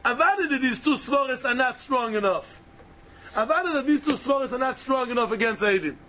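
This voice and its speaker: High bright guy teaching talmud, argues both sides, repeats himself a lot. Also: animated, a little fast, a little hiss or hum. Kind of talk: Talmud study lesson.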